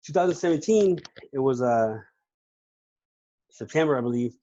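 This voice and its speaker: A man telling his own story as a podcast guest in casual talk, slangy and halting, often repeating words. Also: mid-range voice, animated, warm tone, lo-fi sound. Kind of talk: casual personal testimony.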